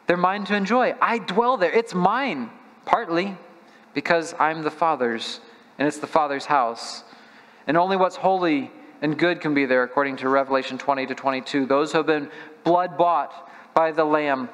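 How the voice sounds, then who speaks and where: A man's voice: on the high side, normal speed, fairly bright tone. A man preaching a sermon as a missionary, earnest and plain-spoken, putting direct questions to the congregation. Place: church sanctuary. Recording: long church reverb.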